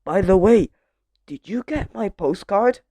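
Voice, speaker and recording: A woman's voice: mid-range voice, animated, measured pace, warm tone, no echo, studio quality. A woman voicing a clever, good-natured man in a read-aloud children's storybook, knowing and amused.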